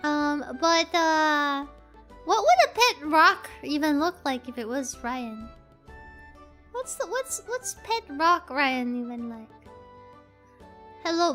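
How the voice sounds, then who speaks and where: Tired woman streamer, very high pitched, chatty and playful over soft music. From Philippines. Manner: playful, rambling, reads chat aloud. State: tired, half asleep. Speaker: VTuber streamer. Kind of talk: casual chat stream.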